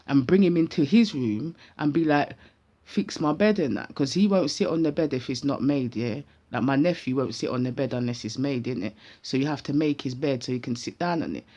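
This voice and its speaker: A woman with a British accent full of London street slang, telling a personal story in an animated, casual vlog. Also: low-pitched, dull audio.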